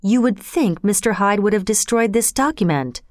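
A woman voicing a grave, resolute middle-aged male lawyer who speaks firmly and in measured tones. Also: mid-range voice, lively intonation, no room sound, studio quality, natural voice. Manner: firm, measured.

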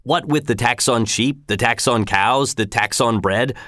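A man's voice: medium pitch, measured pace, pushed and bright. A man voicing a nervous peasant leader who speaks in a raised, strained, pleading way. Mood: pleading, defiant.

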